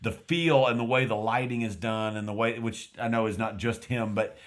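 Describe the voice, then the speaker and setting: A man's voice: on the low side, steady tone, moderate pace. A man from West Texas with a light West Texas accent, co-hosting a casual film review and rambling through his thoughts with many restarts. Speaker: podcast co-host.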